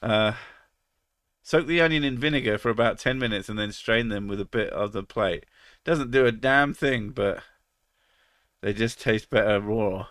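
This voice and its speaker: A man's voice: lowish voice, moderate pace, a bit bright, no room sound, studio quality. A man with a cold, casually chatting on a live stream, joking crudely and reading out chat messages. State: has a cold, about to sneeze.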